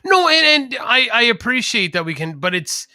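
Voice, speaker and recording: A man with a high, very bright voice chats casually on a podcast. He rambles through anecdotes, clearing his throat as he goes. The recording is close and dry. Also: sing-song, normal speed, no room sound. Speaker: podcast co-host. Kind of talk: casual chat.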